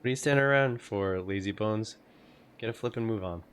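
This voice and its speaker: A man's voice: fairly low pitch, a little fast, a bit bright, clean tone, close to an everyday voice. A man doing a cheeky fairy sidekick. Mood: bossy. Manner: cheeky, bossy, slangy banter. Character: small lantern-nosed fairy sidekick, cheeky and chatty. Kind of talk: video game voice acting. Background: game music.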